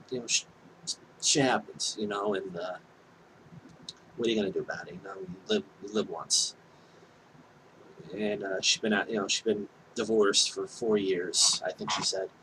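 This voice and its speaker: Low-voiced man rambling through a story. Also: fairly even intonation, normal speed, pauses often, background noise. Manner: rambling and candid, full of asides and apologies. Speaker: vlogger telling a personal story. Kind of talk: casual storytelling monologue.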